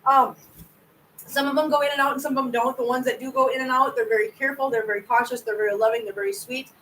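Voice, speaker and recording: A woman's voice: high voice, fairly even intonation, fast talker, sharp tone, recorded from a distance, slight background noise, rough recording. A woman hosting a casual livestream from home, chatting with viewers in a rambling way and stumbling over her words. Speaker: cat channel host.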